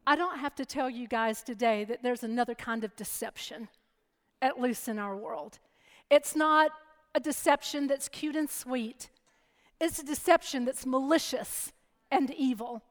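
A middle-aged woman preacher giving a sermon and telling a personal story in a lively, chatty way. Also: sits high, unhurried. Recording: long hall reverb.

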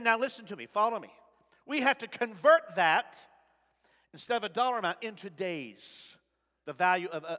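High-voiced, lively preacher man. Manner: dramatic preaching, swings from shouts to soft asides. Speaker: pastor. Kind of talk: sermon. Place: church sanctuary. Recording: long reverb of a large sanctuary.

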